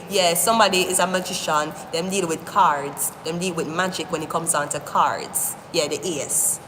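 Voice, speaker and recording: A woman giving a live-stream tarot reading, talking straight to the viewer in an animated, rambling way, often cursing. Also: fairly low pitch, moderate pace, few pauses. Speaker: tarot reader. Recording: echoey room with long reverb, faint hiss.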